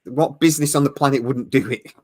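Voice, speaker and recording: A man's voice: medium pitch, fast, darkish tone. A tired man co-hosting a podcast, chatting casually and stammering as he rambles. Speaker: podcast co-host. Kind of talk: casual chat.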